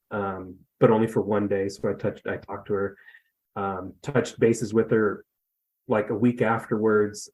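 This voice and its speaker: Husky-voiced man in his fifties. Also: fairly low pitch, a little mellow, rough recording. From US West Coast. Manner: rambling, self-deprecating, many fillers and restarts. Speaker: podcast guest. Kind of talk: casual storytelling.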